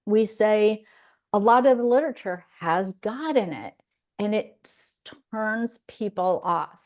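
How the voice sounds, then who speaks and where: A woman's voice: mid-range voice, animated, a little slow, darkish tone. A woman hosting a podcast in casual chat, talking in an earnest, reflective way with frequent restarts. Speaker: podcast host.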